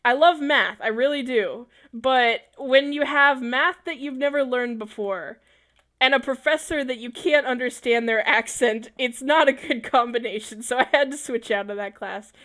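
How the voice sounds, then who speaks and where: A woman's voice: high voice, moderate pace, a bit bright. A young adult woman giving casual livestream commentary while building in a game, chatty and laughing often.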